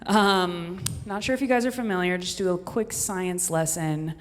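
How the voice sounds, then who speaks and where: A woman's voice: lowish voice, normal speed. A woman from the Midwest telling a comedic story on stage, chatty and self-deprecating, with rambling asides. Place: stage in a venue with an audience. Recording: long hall reverb.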